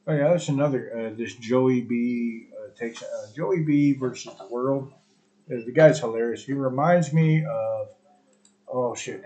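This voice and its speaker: A man's voice: mid-range voice, dark tone, dull audio. A man hosting his own live stream podcast alone, talking in a crude, profane, rambling and sarcastic way. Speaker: podcast host. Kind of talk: solo live stream chat.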